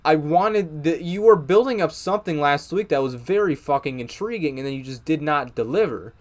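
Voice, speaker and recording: A man's voice: on the high side, animated, fairly quick. A young man giving a casual, profane, exasperated review of a TV episode, with many fillers and restarts. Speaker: TV show reviewer.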